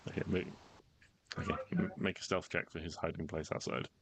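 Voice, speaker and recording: A deep-voiced man running a tabletop game. He narrates in a relaxed, loose way, with plenty of fillers along the way. His voice stays low throughout. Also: fairly quick, vocal fry, slight background noise. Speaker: game master.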